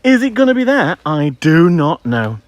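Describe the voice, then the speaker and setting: A man's voice: fairly high pitch, sing-song, moderate pace, no echo. A man livestreaming a dog walk outdoors, chatty and ranting, with some playful crude language, on a handheld phone. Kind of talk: casual chat while walking. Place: outdoors in woods.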